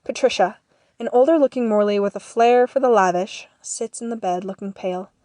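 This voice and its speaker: A woman reads the scene headings and actions of an audio drama in a measured, matter-of-fact voice. Her pitch is medium and the sound is dry and close. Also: warm tone, no echo. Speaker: narrator.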